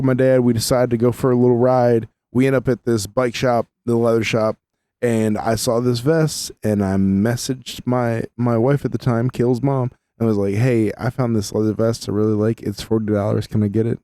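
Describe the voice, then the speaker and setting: A man's voice: mid-range voice, fairly even intonation, normal speed, mellow, no room sound. A man co-hosting a podcast, teasing and swearing in casual banter. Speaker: podcast co-host. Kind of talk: casual chat.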